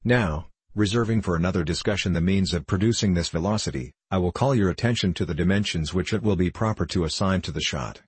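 A man voicing a composed male club president who speaks in measured, orderly sentences. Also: deep voice, husky, no room sound. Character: stately male club president, calm and methodical.

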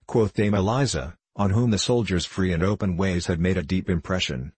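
Male audiobook narrator, steady storytelling, deep voice, husky tone. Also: normal speed, few pauses, dry recording. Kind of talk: audiobook reading of a historical novel.

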